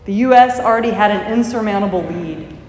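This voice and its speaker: A woman preacher giving a sermon, telling a story in a measured, reflective way. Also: mid-range voice, darkish tone. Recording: echoey hall with long reverb.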